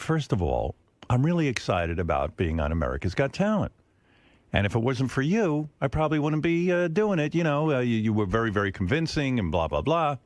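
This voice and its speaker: A man's voice: medium pitch, no echo. A middle-aged man hosting a radio show, telling a long rambling story in casual studio chat and acting out the people he quotes. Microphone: studio microphone.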